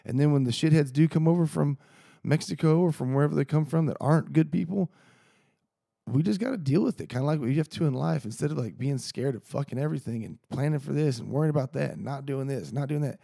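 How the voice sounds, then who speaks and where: A man rants through a casual solo podcast, rambling, heated and swearing constantly. His voice is gravelly with a dark, husky edge, close and dry on the mic. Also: a little high, fast, dry recording. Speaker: podcast host.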